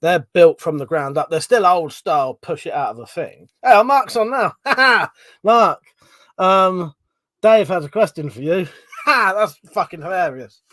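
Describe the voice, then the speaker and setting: A man hosting a relaxed livestream, his voice sitting a touch high for a man. He rambles, swears freely and laughs often. The sound is dry and close. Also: a little slow, no echo. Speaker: livestream host. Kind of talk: casual live-stream chat.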